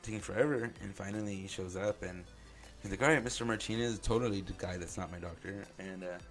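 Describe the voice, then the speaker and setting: Low-voiced man telling his story. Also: steady tone, brisk, faint music behind. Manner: loose conversational, heavy use of "like". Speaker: podcast host. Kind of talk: personal storytelling.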